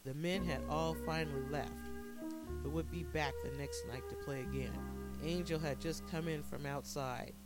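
A man narrating a dark short story in a measured, dramatic way. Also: on the high side, fairly even intonation, over loud music, poor audio.

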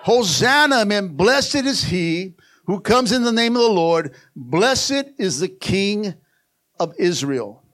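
A man's voice: high-pitched, big pitch swings, slow pace, fairly bright tone. A male pastor preaching a sermon in a church, fervently urging the congregation to answer back with repeated calls. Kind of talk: sermon with call-and-response. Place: church sanctuary.

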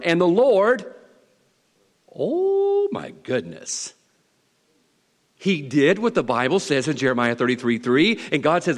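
A Southern man preaching with a swooping, animated delivery. He teases the congregation and leans hard on repeated lines. His voice rings out with a long reverb, as from a large hall. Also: a little high. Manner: folksy, teasing, emphatic preaching with repeated lines. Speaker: pastor. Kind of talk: sermon.

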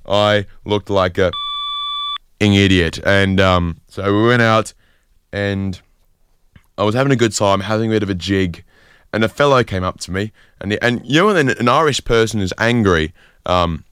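A young man hosting a podcast, telling a rambling comic story in a deadpan way. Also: sits low, smooth, no room sound, studio quality. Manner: rambling, deadpan, lots of fillers. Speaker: podcast host.

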